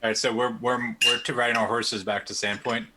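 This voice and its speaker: A man's voice: medium pitch, flat delivery, fairly quick, background noise. A man chatting casually with fellow players during a virtual tabletop game, laid-back and joking. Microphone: home microphone on a video call.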